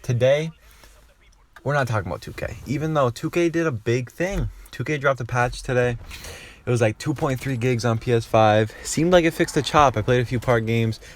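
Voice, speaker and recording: A man's voice: mid-range voice, moderate pace. A man telling a rambling, profane story in a casual vlog. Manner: rambling, profane, lots of filler. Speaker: YouTuber.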